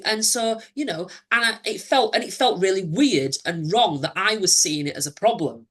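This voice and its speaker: A man in his forties telling a personal story as an interview guest, candid and reflective, halting and restarting as he goes. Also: high-pitched, lively intonation, bright, forceful tone. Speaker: podcast guest.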